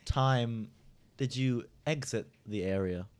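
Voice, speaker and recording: A woman's voice: very deep voice, takes it slowly, a little mellow. A woman playing an improv party game, questioning playfully and bossily and laughing often. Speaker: player.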